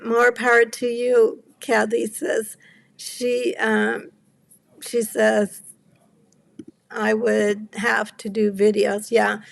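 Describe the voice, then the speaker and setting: A woman's voice: fairly high pitch, creaky. A woman in her seventies hosting a cardmaking livestream, chatting with viewers, apologetic and rambling, close to tears. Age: 70s. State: near tears. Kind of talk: casual chat with live viewers.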